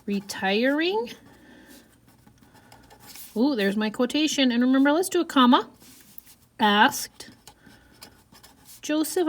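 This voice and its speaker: A woman teacher giving a writing lesson, reading example sentences aloud and talking through her writing step by step. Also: on the high side. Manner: reads quoted lines in a lifted voice.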